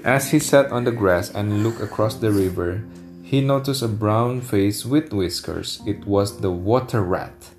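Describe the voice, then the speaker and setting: A man reading a storybook aloud to his child, unhurried and gentle, pausing now and then to chat. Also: fairly low pitch, soft background music.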